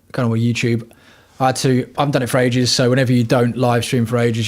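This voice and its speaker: A man talking to his livestream audience from home, his voice sitting at an ordinary middle pitch. He rambles from one thing to the next and swears freely. His delivery is blunt and casual. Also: a little mellow. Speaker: livestream host.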